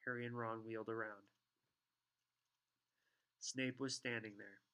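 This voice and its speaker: A man narrating a children's fantasy novel in a steady, expressive reading voice. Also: on the low side, unhurried, smooth. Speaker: audiobook reader. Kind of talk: storybook narration.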